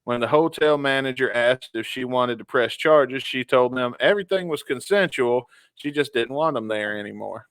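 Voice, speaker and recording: A man's voice: medium pitch, normal speed, hardly any pauses, a bit bright, no echo. A young man co-hosting a casual podcast, reading stories aloud in a laid-back way with small stumbles and fillers. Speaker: podcast co-host.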